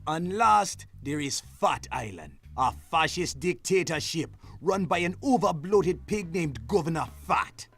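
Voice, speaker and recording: A man's voice: fairly high pitch, expressive, a little slow, few pauses, fairly bright tone, breathy edge, full character voice. A man voicing Captain Dread, a laid-back Caribbean boat captain in a video game, speaking with a lilting Jamaican accent. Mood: easygoing.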